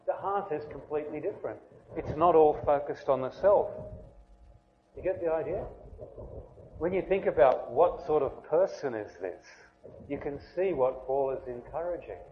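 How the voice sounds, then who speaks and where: A man's voice: a little high, expressive, a little slow. Preacher man on a tinny recording. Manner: conversational, asks the congregation questions. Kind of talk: sermon. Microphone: writes on a board while preaching. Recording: tinny phone-like band, faint noise.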